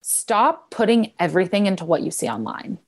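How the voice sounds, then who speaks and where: A woman's voice: fairly low pitch, normal speed, slightly rough. A young woman in casual chat, telling a personal story and acting out the lines of others. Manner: animated storyteller, acts out quotes.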